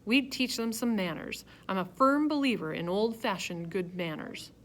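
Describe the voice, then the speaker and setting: A woman voicing a pompous, booming middle-aged man fond of old-fashioned manners. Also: moderate pace, lightly acted. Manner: booming and self-satisfied.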